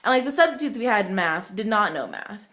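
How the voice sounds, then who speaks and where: A woman's voice: medium pitch, animated, brisk, fairly bright tone. Chatty young woman vlogging at home. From United States. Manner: chatty, rambling, many fillers. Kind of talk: casual vlog storytelling.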